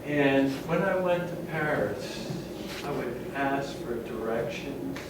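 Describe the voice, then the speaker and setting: A man's voice: mid-range voice, takes it slowly. A man from the United States in the audience, asking a long, rambling question. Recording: distant, very echoey room mic with loud noise.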